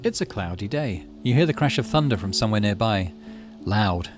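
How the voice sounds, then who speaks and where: A man's voice: lowish voice, animated, normal speed, music in the background. A man hosting a game playthrough, reading the game's text aloud and thinking through choices. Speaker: gaming channel host.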